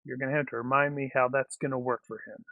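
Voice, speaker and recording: A man's voice: mid-range voice, little pitch movement, fast talker, no echo, narrow, tinny audio. A man acting as game master for a tabletop action game, talking in a rambling way with many restarts.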